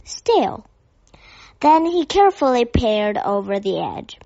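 A woman narrating a children's story with a gentle, careful reading. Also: a little high, sing-song, takes it slowly, no room sound. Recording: dull dry lo-fi recording.

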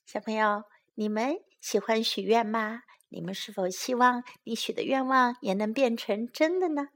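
A woman reading a children's storybook aloud and teaching from it, in a slow, gentle and expressive way. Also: fairly high pitch.

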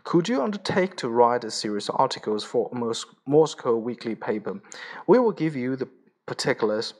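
Guy putting on a gruff russian revolutionary man, scolding and curt, storybook voice. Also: mid-range voice, big pitch swings, normal speed, a little mellow. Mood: brisk. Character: fierce unshaven male Russian revolutionary, curt.

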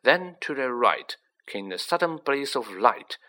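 A man's voice: medium pitch, sing-song, unhurried, sharp tone. A man reading a children's story aloud, narrating with acted character voices. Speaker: audiobook reader.

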